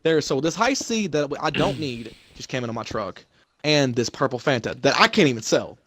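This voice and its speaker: A man's voice: mid-range voice, sing-song, normal speed, a bit bright, slight background noise. A young man in casual chat, telling a heated, swear-filled story about trouble at his job. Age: young adult. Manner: profane, heated venting. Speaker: storyteller venting about work.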